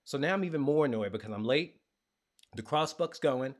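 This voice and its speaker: A man in his thirties from Richmond, Virginia, hosting a show and telling a personal story in a lively, playful way. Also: mid-range voice, fairly quick. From Richmond, Virginia, USA. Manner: animated, playful storyteller who acts out sounds. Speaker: podcast host. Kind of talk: storytelling monologue.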